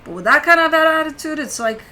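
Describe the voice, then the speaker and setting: A woman's voice: high-pitched, expressive, fairly quick, pushed and bright, slight background noise, poor audio. A woman giving a casual weekly tarot reading as the host, swearing freely and chatting loosely as she lays out cards. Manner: swears casually, talks to her pet between cards. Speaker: tarot reader.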